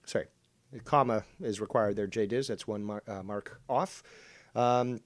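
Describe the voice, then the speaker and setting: A man's voice: lowish voice, moderate pace, dry recording. A man hosting a livestream commentary show, mocking and sarcastic. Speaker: show host.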